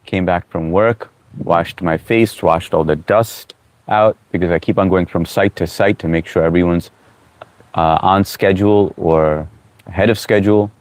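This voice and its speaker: At a moderate pace, a deep-voiced man hosts a relaxed live stream, greeting each viewer individually and reading comments aloud. He's casual and encouraging, like a friend giving advice, recorded dry and close with little room echo.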